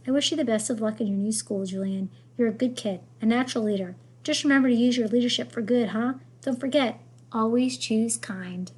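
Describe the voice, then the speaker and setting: A woman reading aloud as a kind, thoughtful male middle-school teacher, in a gentle, reflective way. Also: fairly high pitch, breathy edge.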